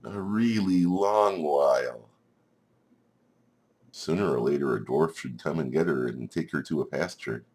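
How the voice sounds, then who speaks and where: A man's voice: very deep voice, a little fast, few pauses, darkish tone. A man narrating a game like a storybook, playful, with chuckling asides. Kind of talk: storybook narration over gameplay.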